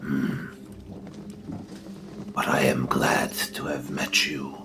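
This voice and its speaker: A man voicing a weary, dragon-blooded adventurer in a tabletop game, speaking in a very low, creaky whisper. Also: level tone, slow pace, noisy background, heavily acted. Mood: grave.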